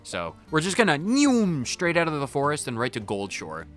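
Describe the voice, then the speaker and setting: A man's voice: fairly high pitch, huge pitch swings, moderate pace, soft background music. A man hosting a video game playthrough with casual, jokey, rambling commentary. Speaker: gaming channel host.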